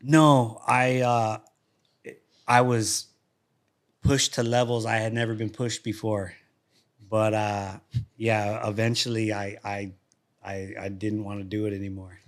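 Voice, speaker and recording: A man with a slightly low, easygoing voice tells stories in a relaxed studio interview. He often restarts his sentences and repeats words as he talks. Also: measured pace, long pauses. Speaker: guest, former fighter and coach. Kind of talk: casual interview storytelling. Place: podcast studio.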